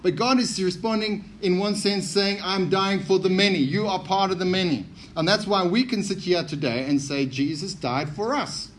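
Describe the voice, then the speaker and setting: A man's voice: sits high, moderate pace, few pauses, slight background noise. A man preaching a sermon, emphatic and often repeating key phrases for stress.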